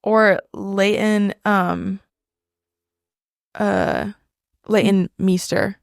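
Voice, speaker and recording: A young woman co-hosting a book podcast, talking casually and hesitantly, often trailing off softly. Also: mid-range voice, little pitch movement, extremely slow, vocal fry, no echo, studio quality. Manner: hesitant, trailing off, drops to soft murmurs. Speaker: podcast co-host. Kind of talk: casual book club chat.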